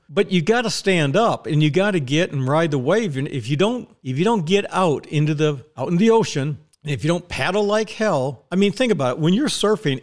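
A tired man hosting a podcast, talking in a blunt, ranting, profane monologue from a recording studio. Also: on the high side. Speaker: podcast host. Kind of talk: casual monologue.

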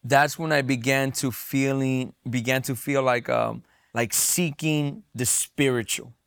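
Gravelly young man telling his story. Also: mid-range voice, steady tone, a little slow, a bit bright. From San Diego, USA. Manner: earnest, repeats words when emotional. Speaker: testimony guest. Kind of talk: personal testimony storytelling.

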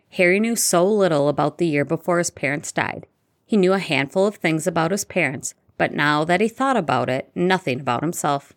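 A woman narrating a fan-fiction story aloud in an even, steady storytelling manner. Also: deep voice, brisk. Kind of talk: reading fanfiction aloud.

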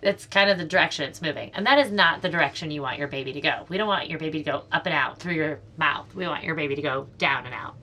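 A woman's voice: deep voice, quick pace, hardly any pauses, pushed and bright, a little hiss or hum. A woman talking as a birth educator on a casual podcast chat, playful and demonstrative. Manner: playful, demonstrates sounds and laughs.

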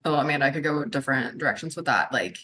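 A woman speaks as a guest on a casual podcast, sharing practical advice in a conversational way. She pauses on fillers as she thinks, and her tone stays thoughtful and relaxed. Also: very deep voice, slightly rough, rough recording. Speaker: marketing educator.

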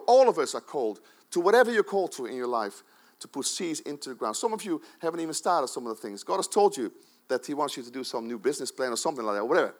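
A man preaching a sermon to his congregation in a church, urging them on with sudden emphatic bursts. His fairly high voice drops to quiet, personal asides in between. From Netherlands. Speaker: pastor.

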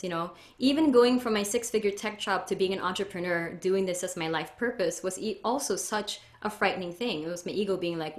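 A woman's voice: mid-range voice, fairly quick, hardly any pauses, reverberant. A woman speaking earnestly as a podcast guest, reflective and spiritual in a flowing way. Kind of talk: reflective interview talk.

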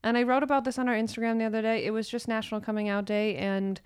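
A woman's voice: a little high, clear, resonant tone. Playful chatty young woman co-host. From small town. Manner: chatty and playful, quick laughs and lively asides. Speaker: podcast co-host. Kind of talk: casual chat.

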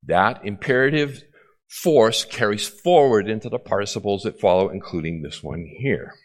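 A man's voice: on the low side, expressive, normal speed. A male pastor preaching an expository sermon, often repeating key phrases and checking in with the congregation.

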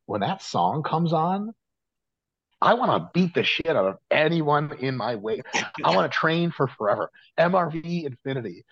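Male podcast guest; rambling, self-mocking, swears freely; dry husky voice. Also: on the high side, no echo, highs cut off. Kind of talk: casual chat.

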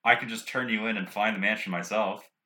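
Deep-voiced young male player. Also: steady tone, fairly quick, sharp tone. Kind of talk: playing a tabletop game.

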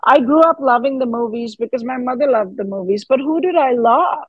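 A woman's voice: on the high side, brisk, husky, no echo, narrow, tinny audio. A woman in her fifties, an actress being interviewed, who talks earnestly and animatedly, with fillers and trailing thoughts. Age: 50s. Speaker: actress guest. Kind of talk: casual interview chat.

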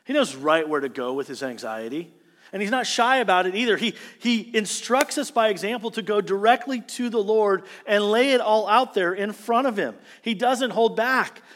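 A man preaching a sermon as pastor, earnest and expressive, reading scripture with feeling during a morning church service. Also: sits high, normal speed. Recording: long hall reverb.

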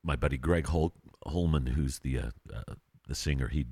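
A man guest on a podcast, a tribute band bassist, talking in a relaxed, modest way. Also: moderate pace, husky, no room sound. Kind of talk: casual interview chat.

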